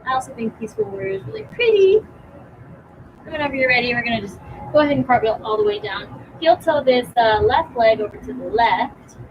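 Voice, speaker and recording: A young woman teaching a yoga class outdoors, giving calm, encouraging cues with casual fillers, a bit out of breath. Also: high-pitched, a little fast, highs cut off, background noise. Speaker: yoga instructor. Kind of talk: guided yoga class instruction.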